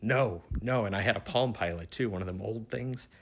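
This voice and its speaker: A man's voice: fairly low pitch, moderate pace. A middle-aged man casually retelling a strange dream, rambling and swearing freely as he goes. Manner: rambling, swears freely, grows more excited toward the end. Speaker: dream storyteller.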